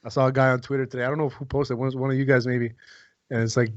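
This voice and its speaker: A man rattles through a fantasy draft as host, full of crude jokes and teasing. He talks fast over a dry, lo-fi call line, the sound dull and close. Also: mid-range voice, little pitch movement, dry recording. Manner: joking, crude banter. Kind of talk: casual group chat.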